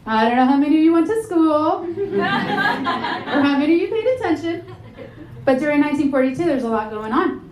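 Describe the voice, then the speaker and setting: A woman in her thirties performing a stand-up comedy set with a dry, deadpan delivery on a club stage, speaking into a handheld mic. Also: high-pitched, brisk, pauses often. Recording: echoey club with loud audience laughter.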